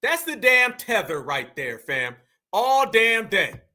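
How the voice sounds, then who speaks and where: A man's voice: sits high, big pitch swings, takes it slowly, sharp tone. A man hosting an online commentary, talking preachily and addressing viewers as family. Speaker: commentary host.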